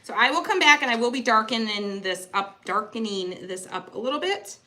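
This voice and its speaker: Chatty, bright-voiced middle-aged woman. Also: a little high, brisk. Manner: chatty, animated storytelling. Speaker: craft channel host. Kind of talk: casual chat while crafting.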